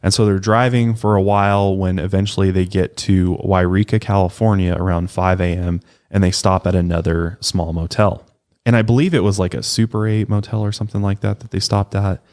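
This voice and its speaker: Guy with a really low voice telling a crime story on a podcast, laid back, cusses a bit. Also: fairly quick. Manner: relaxed, swears casually, acts out quotes. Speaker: podcast co-host. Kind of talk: casual true-crime storytelling.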